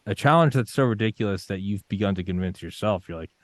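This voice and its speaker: A young man with a very low voice speaks in a casual interview, swearing freely and dramatizing his own doubts and determination. The sound is dry and close, with no room echo. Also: animated, fast. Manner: intense, swearing, acts out his own panicked inner voice. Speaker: podcast guest.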